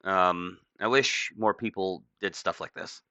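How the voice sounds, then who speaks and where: A man's voice: sits low, measured pace, bright, forceful tone, no echo. A man just woken up, casually commenting while reading a news article aloud, rambling with many fillers. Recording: dull lo-fi dry mic.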